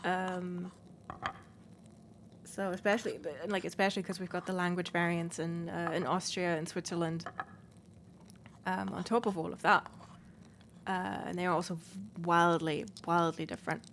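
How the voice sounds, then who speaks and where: A woman's voice: fairly low pitch, level tone, moderate pace, long pauses. German woman w/ northern accent, chatty let's play talk, lots of ums, faint hiss behind. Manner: chatty, explains with many fillers. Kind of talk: casual gameplay chat.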